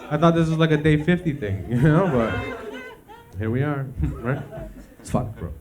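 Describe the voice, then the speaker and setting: A man doing stand-up comedy while high, laid-back, swearing and laughing at his own jokes. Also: lively intonation, unhurried, a crowd in the background. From Canada. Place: live comedy stage. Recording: live venue with audience noise.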